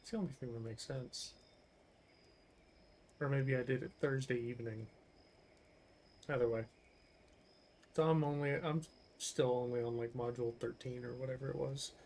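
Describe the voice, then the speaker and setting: A man's voice: mid-range voice, fairly even intonation, moderate pace, long pauses, a little mellow, a little hiss or hum. A young man streaming a game, chatting casually, rambling, and swearing freely. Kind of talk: casual chat while gaming.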